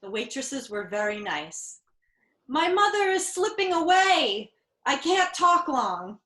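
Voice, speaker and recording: A woman's voice: fairly high pitch, normal speed, a bit bright, roomy sound, lightly acted. A woman reading a flustered, stammering caller. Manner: hesitant, stammering.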